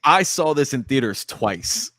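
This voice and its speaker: A man co-hosting a podcast, excitedly sharing his reactions to a horror movie and acting them out. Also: mid-range voice, measured pace, no room sound, studio quality. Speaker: podcast co-host. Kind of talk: casual movie breakdown chat.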